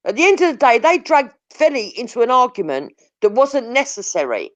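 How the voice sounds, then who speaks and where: A woman's voice: fairly high pitch, very animated, brisk, no echo. A woman ranting bluntly and confrontationally, swearing heavily as a live-stream talk host. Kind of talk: heated profane rant. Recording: dull lo-fi audio.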